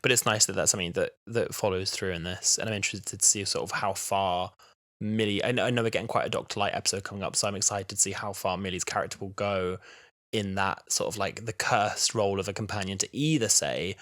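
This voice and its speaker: Fast, bright-voiced British man. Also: deep voice, no room sound, clean studio sound. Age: 20s. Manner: fast, expressive, mimics characters. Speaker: podcast co-host. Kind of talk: casual chat.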